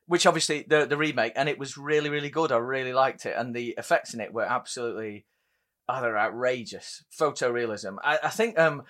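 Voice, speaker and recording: A man's voice: medium pitch, fairly quick, fairly bright tone. A man hosting a casual film podcast, playful and laughing often between remarks. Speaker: podcast host.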